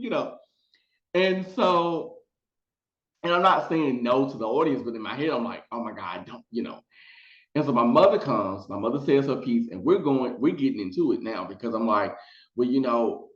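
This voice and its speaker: Animated man telling a story, roomy. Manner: animated, acts out quotes in high voices. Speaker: storytime vlogger. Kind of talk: casual storytelling. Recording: roomy, dull lo-fi sound.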